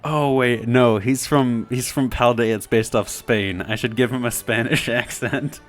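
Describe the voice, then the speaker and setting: A man's voice: mid-range voice, steady tone, unhurried, faint music behind. A young man casually reading a visual novel aloud, with rambling, self-mocking asides. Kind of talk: casual game let's play narration.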